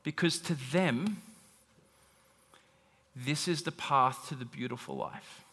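A man preaching a sermon, animated and acting out little voices when he quotes people. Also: medium pitch, takes it slowly. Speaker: pastor. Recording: long hall reverb.

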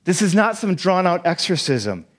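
A man with a fairly high voice delivers a sermon, walking listeners through a Bible passage step by step. He often checks in with a quick "right?" and acts out the quoted lines with energy. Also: very animated. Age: young adult to middle-aged, a parent. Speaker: pastor.

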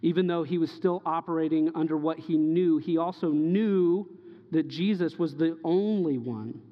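A man preaching a sermon with passion, acting out the dialogue he quotes and swinging between loud and soft. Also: a little high, moderate pace, in a large hall, muffled recording. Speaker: pastor.

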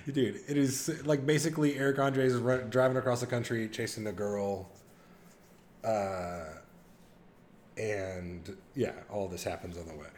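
A man co-hosting a casual podcast, eagerly retelling a comedy film with laughs and quick impressions. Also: fairly low pitch, slight background noise. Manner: excited storytelling with laughs and impressions. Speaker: podcast co-host. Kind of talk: casual chat.

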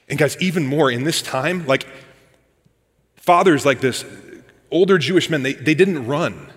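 A man's voice: fairly high pitch, a little slow, a bit bright, long reverb tail. A man preaching a sermon, reading scripture and retelling it in a casual, conversational storytelling manner. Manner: conversational storytelling, addresses listeners as "guys".

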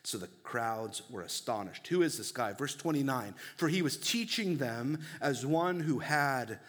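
A man's voice: on the high side, a bit bright. A young man preaching a sermon as pastor, earnest and conversational, with casual fillers between points.

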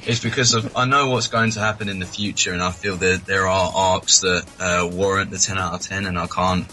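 A man's voice: low-pitched, steady tone, brisk, few pauses, pushed and bright, faint music behind, rough recording. A British man co-hosting a podcast, chatting enthusiastically and laughing easily. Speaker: podcast co-host. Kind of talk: casual podcast chat.

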